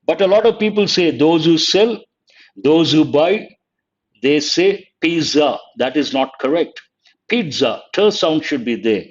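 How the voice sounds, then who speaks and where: A man's voice: fairly high pitch, expressive, unhurried, lo-fi sound. A man, teaching an exam-prep lecture online, quizzing students and spelling words letter by letter. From India. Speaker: English teacher.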